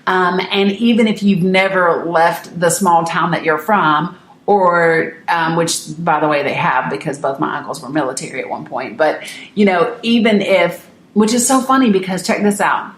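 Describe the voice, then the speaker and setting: A woman's voice: on the low side, normal speed. A middle-aged woman hosting her own show, telling viewers a personal family story earnestly and emphatically, often restarting her sentences. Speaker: host. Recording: roomy echo.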